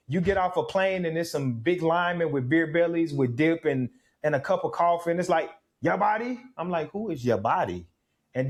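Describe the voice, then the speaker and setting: A man in his thirties from Mississippi, a guest in an interview, telling his story with reflective, animated energy. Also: on the high side. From Mississippi, USA. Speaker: guest, former pro football player.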